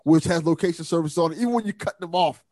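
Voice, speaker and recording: A man's voice: a little high, fast, dry recording. Man with a dry, close voice. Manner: agreeable, chiming in and backing up the other host in flat, matter-of-fact statements. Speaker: podcast co-host. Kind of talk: casual chat.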